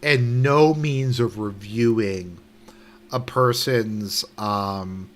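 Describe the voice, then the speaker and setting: A young man giving casual commentary while reading a news article aloud, indignant and sarcastic, swearing, halting and restarting often. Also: on the low side, slight background noise. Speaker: online commentator.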